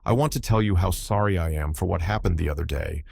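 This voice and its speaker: A man reads the part of an overbearing, lecherous older baronet in a storybook reading, husky and insistent. The voice sits very low and dry, with close, plain sound. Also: fast, a little mellow, no room sound, heavily acted. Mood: domineering. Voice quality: husky, pushy.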